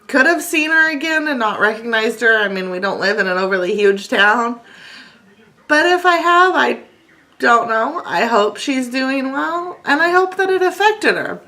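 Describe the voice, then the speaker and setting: Bright-voiced woman sharing a devotional. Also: mid-range voice. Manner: earnest storytelling, reads scripture aloud. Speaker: channel host. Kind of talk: casual devotional talk to camera.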